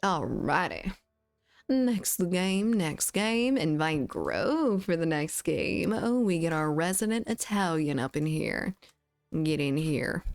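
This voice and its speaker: A woman with a mild Southern US accent, chatting casually on a game livestream, reading her chat aloud and laughing easily. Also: low-pitched. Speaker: game streamer. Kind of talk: casual live-stream chat while gaming.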